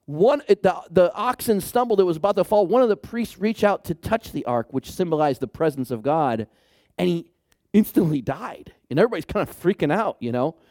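Animated man preaching a sermon. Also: high-pitched, fairly quick, dry recording, studio quality. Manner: animated, shifts to hushed soft delivery for emphasis; playful asides and jokes to the congregation. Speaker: pastor.

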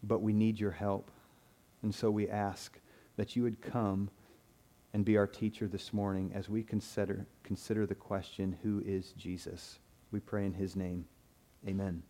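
Brief: male pastor mid-sermon, earnest, mellow timbre, stammered restarts. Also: fairly low pitch, level tone, a little slow. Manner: earnest, repeats words when starting phrases. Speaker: preacher.

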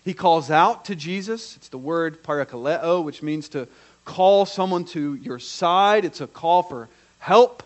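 A man preaching a sermon, acting out quoted voices and swinging from hushed to loud. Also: a little high, animated, unhurried. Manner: dramatic, acts out the quoted voices.

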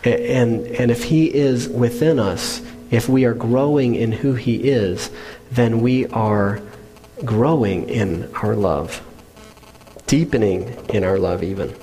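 A male pastor gives a sermon in a church sanctuary, earnest and conversational, breaking off now and then for casual asides. His voice sits at an ordinary middle pitch. A long reverb trails each phrase through the hall. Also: slow pace, dark tone.

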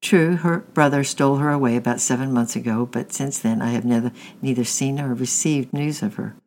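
A man's voice: medium pitch, a little fast, a little mellow, natural voice, low-quality recording. A man voicing a middle-aged stepfather who is nervous and scheming, speaking in an injured, placating tone.

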